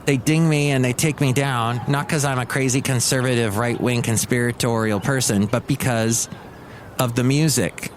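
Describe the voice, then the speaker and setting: A man hosting his own solo podcast, rambling in a casual, excitable, grumpy joking manner. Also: medium pitch, a little hiss or hum. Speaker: podcast host.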